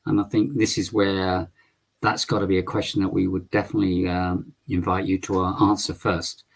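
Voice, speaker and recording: A man's voice: deep voice, flat delivery, moderate pace, vocal fry, slightly rough. A man hosting a live call-in stream, polite and firm, with a lot of hesitant ums. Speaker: livestream host.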